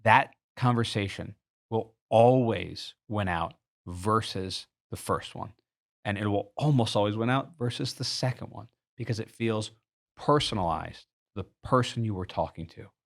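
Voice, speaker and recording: A man's voice: fairly low pitch, measured pace, creaky. A man giving a sales training talk, earnest and explanatory, walking the listener through an everyday store example. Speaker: sales coach.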